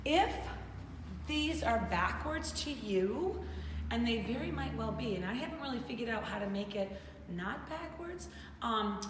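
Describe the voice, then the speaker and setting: A woman's voice: fairly high pitch, lively intonation, moderate pace, noisy background. A woman teaching young children in an online class in an upbeat, coaxing, sing-song manner. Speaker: kindergarten teacher. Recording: roomy echo, distant mic, faint ambience.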